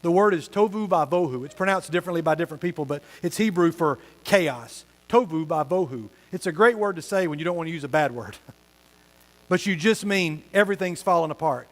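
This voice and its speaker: Man, pastor, sermon, high voice, long hall reverb, animated storyteller. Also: brisk. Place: church hall with tables.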